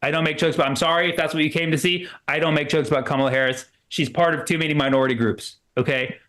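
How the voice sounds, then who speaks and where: A man performing a rambling stand-up set at a comedy club, full of fillers and quick put-on voices for the people he quotes. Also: on the high side, fairly even intonation, a bit bright.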